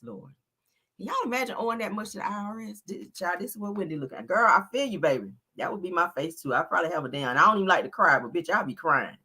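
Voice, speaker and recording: A sassy woman hosts a celebrity gossip live stream, chatting casually and calling her viewers honey and child. Her voice sits on the low side, swings widely in pitch, and has a bright, forceful edge. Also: husky. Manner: sassy and expressive, calls viewers honey and child, often laughs.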